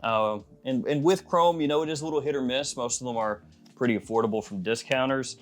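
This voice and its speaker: A man with a Southern accent reviewing fragrances in a relaxed, conversational vlog. His voice sits at an ordinary middle pitch, and he muses aloud as he talks. Soft music runs faintly under him. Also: fairly quick. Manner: chatty, easygoing, muses aloud.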